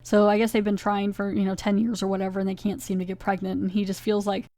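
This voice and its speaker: A woman hosting a podcast, casually recapping a TV episode in a chatty, animated way. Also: mid-range voice, quick pace, dry recording. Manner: chatty, animated, retells scenes with quoted voices. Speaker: podcast host reviewing a TV episode.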